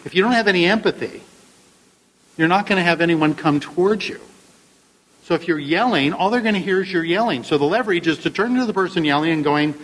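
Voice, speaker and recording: A man's voice: fairly high pitch, lively intonation, fairly quick, a bit bright, rough recording. Man lecturing on couples, acting out lines. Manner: conversational, rhetorical questions, acts out couples' lines. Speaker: therapist speaking to an audience. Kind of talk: lecture with acted-out examples.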